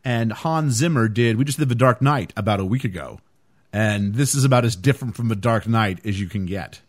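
A man's voice: fairly low pitch, fairly quick. A man hosting a podcast, chatting casually and animatedly about a film, with frequent fillers. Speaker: podcast host.

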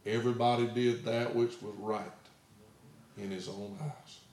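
A man preaches a sermon at middle pitch, moving between relaxed storytelling and loud, emphatic declarations. His voice carries a strong echo, as if recorded in a reverberant room. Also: a little slow. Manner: storytelling preacher who swells loud and emphatic at key points. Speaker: pastor. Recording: echoey room.

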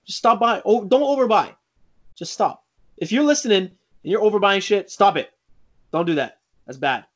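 A man's voice: sits high, lively intonation, normal speed, pauses often. A young man co-hosting a podcast, joking around in casual chat and swearing freely. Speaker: podcast co-host.

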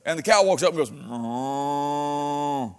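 High-voiced, animated preaching pastor. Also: male voice, moderate pace. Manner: animated, shifts from loud exhortation to quiet asides; folksy humor, frequent amens and praise interjections. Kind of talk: sermon.

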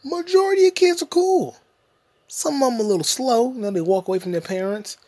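A man's voice: very high-pitched, animated, a little fast, warm tone, dry recording. A man hosting a solo podcast, ranting in a crude, rambling, jokey way with bits of singing. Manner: profane, rambling, jokey, sings snatches. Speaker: podcast host.

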